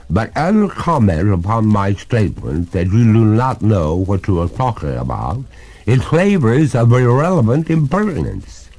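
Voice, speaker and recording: A man voicing a haughty, centuries-old female water ghost with a gurgling voice, speaking slowly and grandly on a story record. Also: lowish voice, a little mellow, exaggerated voice. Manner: slow, grand, indignant speech.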